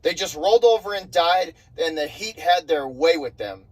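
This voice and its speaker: In a low-quality recording, a young sports vlogger with a slightly high voice and lively intonation rants furiously about his basketball team at a moderate pace. He curses and says the same things over and over out of exasperation.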